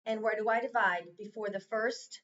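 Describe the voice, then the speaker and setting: A woman's voice: mid-range voice, steady tone, normal speed, a bit bright. A woman tutoring a child in phonics, patiently asking prompting questions one-on-one. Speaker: reading tutor. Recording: distant, dull lo-fi sound.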